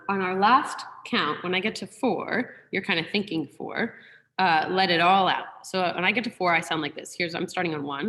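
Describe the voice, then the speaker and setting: A woman teaching a singing class over a video call, giving gentle, encouraging warm-up instructions from her piano. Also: fairly low pitch, big-room sound. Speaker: choir teacher. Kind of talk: online group singing lesson. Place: room with a piano.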